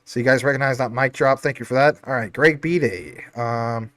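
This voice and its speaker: A man's voice: mid-range voice, normal speed, a bit bright, no room sound. A man hosting a casual livestream, reading out chat comments in an upbeat, chatty, jokey way. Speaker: livestream host.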